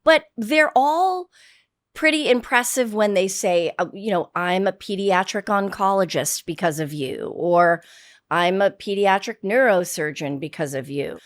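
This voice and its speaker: A woman in her fifties from the Boston area with a faint Boston accent, a guest telling stories in blunt, salty casual talk with lively quoted voices. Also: mid-range voice, a little slow, dry recording. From Boston area, United States. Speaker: guest, actress. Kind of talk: casual interview chat. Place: podcast studio.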